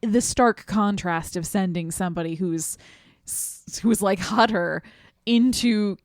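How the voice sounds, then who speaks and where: A woman's voice: slow pace, dry recording, studio quality. Chatty woman co-hosting a film podcast. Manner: animated, laughs often, acts out characters in a high voice. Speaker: podcast co-host. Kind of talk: casual film discussion.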